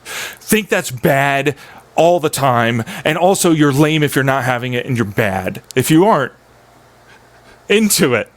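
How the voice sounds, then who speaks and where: A man's voice: mid-range voice, animated, measured pace. A man ranting in a casual, profane, rambling monologue as a streamer, often slipping into mocking voices.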